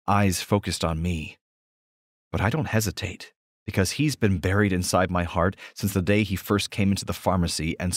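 A man narrating an audiobook romance in the first person with a steady, intimate reading. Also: low-pitched, no room sound, studio quality.

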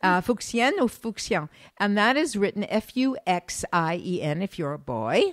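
A former art school teacher with an American accent co-hosts a casual travel podcast, speaking at a normal pace with a medium-pitched, sing-song voice. She explains things like a teacher, with fillers and restarts, and the recording is dry and studio quality.

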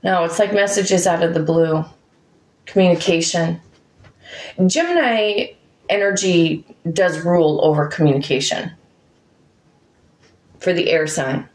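A woman's voice: on the low side, animated, unhurried, long pauses, a little mellow. A woman giving a chatty tarot reading to her viewers, musing aloud over each card. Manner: chatty, talks to her dog between cards. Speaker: tarot reader. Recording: echoey room.

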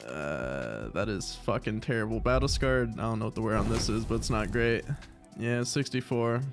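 A man's voice: on the low side, expressive, normal speed, over music. A man giving casual commentary while opening online game cases, pleading and swearing in exasperation. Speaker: case-opening YouTuber.

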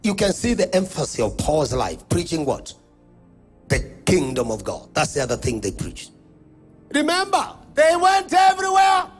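A preacher with a Kenyan accent leads call-and-response at a church conference, calling out to the congregation in his sermon. His voice is very animated, husky, and darkish in tone at a normal speed, booming with sudden jumps in pitch and volume. Soft background music accompanies him.

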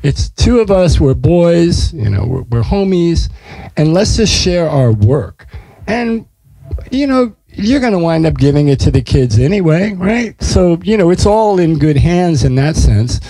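Warm and sing-song, this American man's voice sits on the high side and moves unhurriedly, captured in a dry, low-quality recording. An artist guest, he tells stories in profane, casual conversation, cursing freely and performing other people's quotes.

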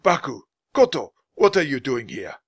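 A man voicing a kind, wise older man who speaks calmly and softly in a storybook reading. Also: medium pitch, normal speed, gravelly, breathy edge, dry recording, studio quality, exaggerated voice.

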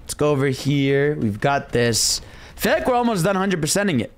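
A man's voice: fairly high pitch, big pitch swings, normal speed. Chatty young man streaming a game. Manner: chatty, hyped, hums and cheers to himself. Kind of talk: casual gameplay commentary. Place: his own room.

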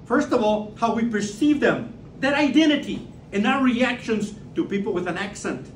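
A man's voice: high-pitched, normal speed, slight background noise. A man from Mexico with a Mexican Spanish accent gives a public lecture, emphatic and repetitive, asking the audience rhetorical questions. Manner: emphatic, repeats key words, asks rhetorical questions. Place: lecture room. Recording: roomy sound from far off.

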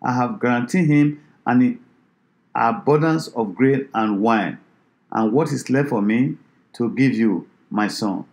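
A man voicing an old biblical father who speaks gravely and slowly, lowering his voice. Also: a little mellow, lightly acted. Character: old blind father in a Bible story, grave.

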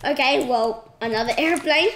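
A woman giving casual, excitable commentary while playing a game, shrieking at surprises. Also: high voice, normal speed. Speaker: gaming channel host. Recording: echoey room with clear noise.

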